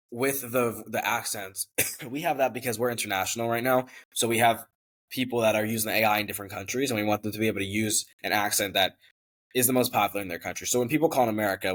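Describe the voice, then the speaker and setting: Man, interview guest, quick matter-of-fact explaining, rapid pace. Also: on the low side, fairly bright tone. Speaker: guest, company founder. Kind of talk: casual conversational interview.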